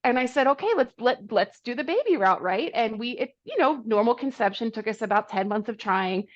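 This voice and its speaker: Woman in her 30s, high voice, self-deprecating, talks candidly about herself, dull lo-fi sound. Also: a little fast. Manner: animated, self-deprecating, acts out quoted people. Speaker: podcast guest, runner. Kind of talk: candid conversational storytelling.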